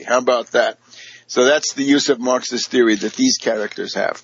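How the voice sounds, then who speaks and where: A man's voice: mid-range voice, moderate pace, slightly rough, dry recording, muffled recording. A man giving a combative, sarcastic political commentary, full of fillers and mocking quotes of opponents. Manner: mimics opponents in quoted asides.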